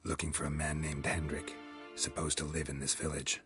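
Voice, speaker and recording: An actor playing a gruff male monster hunter who speaks in curt, flat lines over loud game music. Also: very deep voice, moderate pace. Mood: terse.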